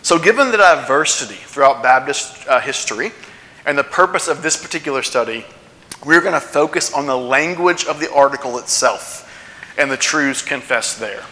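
A man's voice: mid-range voice, lively intonation, moderate pace, sharp tone. A man preaching a sermon to his congregation in a conversational way, often checking in with questions. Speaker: pastor. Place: church sanctuary. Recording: long church hall reverb.

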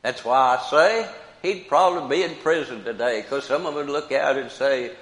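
An older man preaching a sermon slowly and emphatically, repeating key phrases for weight. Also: medium pitch, a bit bright. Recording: roomy hall with long reverb.

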